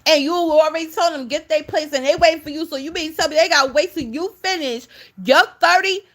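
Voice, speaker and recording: A woman's voice: high-pitched, fairly quick, a bit bright. A woman giving casual reaction commentary, scolding and exasperated as she talks straight at the person she criticizes.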